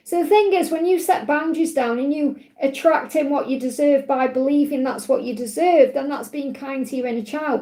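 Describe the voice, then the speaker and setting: A woman's voice: sits high, dark tone, echoey room. A woman hosting a spiritual live stream, talking in a heartfelt, rambling way with plenty of fillers. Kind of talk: emotional live-stream talk.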